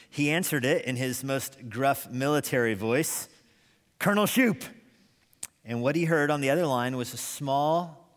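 Man preaching in a reverberant church. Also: mid-range voice. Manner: animated storyteller, chuckles often. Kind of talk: sermon storytelling. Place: church sanctuary.

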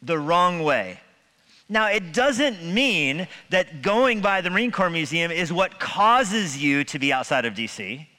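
A man's voice: a little high, very animated, measured pace, pushed and bright. Man preaching in a reverberant hall. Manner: conversational preaching with humor and rhetorical questions. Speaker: pastor. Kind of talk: sermon. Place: church sanctuary.

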